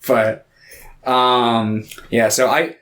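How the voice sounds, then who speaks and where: A man's voice: medium pitch, little pitch movement, drawn-out words, a bit bright. A man co-hosting a podcast, chatting casually with a laid-back delivery, trailing off into fillers and asides. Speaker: podcast co-host. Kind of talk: casual chat about anime.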